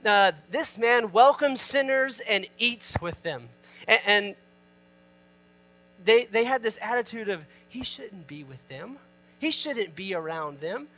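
A man's voice: high voice, sharp tone. A man preaching an informal sermon. He reads scripture aloud, explains it, and asks the listeners questions. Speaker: pastor. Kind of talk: conversational sermon.

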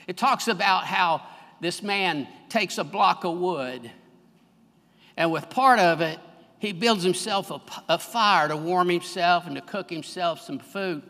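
Preaching fervently to his congregation at a measured pace, a high-voiced pastor cuts through with a bright, piercing tone. The big sanctuary gives him a long echo, and his force builds on the lines that matter most.

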